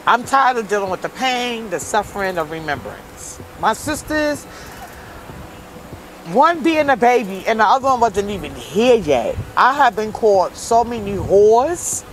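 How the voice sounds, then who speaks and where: A woman's voice: mid-range voice, big pitch swings, measured pace, slight background noise, low-quality recording. A woman from Brooklyn, a guest in an interview, tells her own hard life story candidly and emotionally in blunt street-style speech. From Brooklyn, New York. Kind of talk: personal testimony in an interview.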